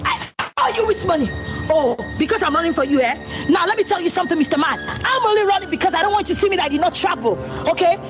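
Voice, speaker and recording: A woman acting a brash young woman who dodges a debt, loud and mocking, in a comedy skit. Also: very high voice, expressive, fast talker. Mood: defiant, mocking. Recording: dull clip with music. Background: music.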